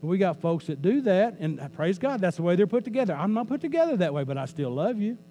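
Mellow-voiced pastor preaching to a congregation. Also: male voice, high-pitched, big pitch swings, fast, slight background noise. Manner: conversational, joking, repeats lines for emphasis. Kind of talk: sermon. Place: church.

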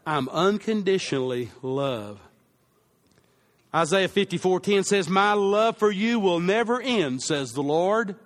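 A man's voice: high-pitched, animated, a little slow. A male pastor preaching a sermon, repeating key lines for emphasis and leading the congregation to say phrases back with him.

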